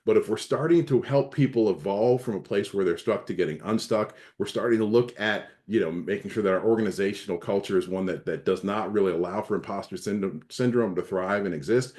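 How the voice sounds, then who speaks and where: Earnest low-voiced male leadership coach. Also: a little fast, few pauses, darkish tone. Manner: earnest, repeats words and restarts, emphatic. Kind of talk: recorded training session presentation.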